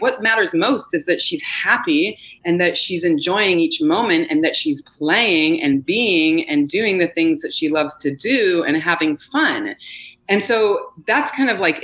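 A woman's voice: fairly low pitch, a bit bright, low-quality recording. A woman who is a podcast guest and mother, talking in a rambling, earnest way with many fillers. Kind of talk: casual podcast conversation.

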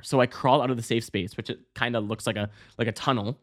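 A man hosting a podcast, telling a story casually with lots of fillers, restarts and swearing, breaking into loud high yelps. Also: quick pace, hardly any pauses. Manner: bursts into loud high-pitched exclamations when acting out scenes. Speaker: podcast host.

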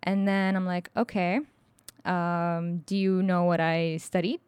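A young woman telling a story on a podcast in casual chat, frank and animated, swearing freely and acting out what people said. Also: on the low side, takes it slowly, long pauses, clean tone, dry recording, clean studio sound.

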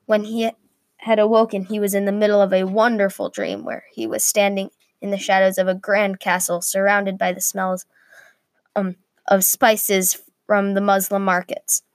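A woman reading a medieval adventure story aloud, steady with small slips. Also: mid-range voice, normal speed, no echo.

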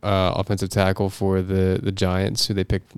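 A man with a fairly low, very smooth voice, recorded dry and close. He co-hosts a podcast, telling a story with plenty of pauses and fillers. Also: completely flat delivery, no echo. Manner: rambling, hesitant with fillers. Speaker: podcast co-host. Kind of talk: casual chat.

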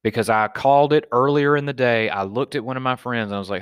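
A man's voice: medium pitch, fast talker, hardly any pauses, clear, resonant tone, no echo, studio quality. A man from Alabama with a Southern accent, telling stories in a casual, profane monologue as a podcast host and stand-up comic. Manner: profane, animated storyteller.

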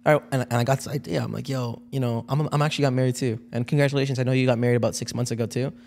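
A man's voice: mid-range voice, steady tone, racing, creaky, a little mellow, slight background noise. A male podcast co-host asking eager, rambling questions in casual chat.

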